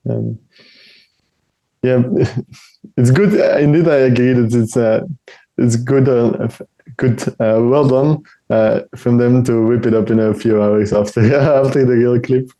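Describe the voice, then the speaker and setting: A man's voice: medium pitch, dark tone, poor audio. A man in his twenties, a podcast guest, agreeing casually with some hesitation.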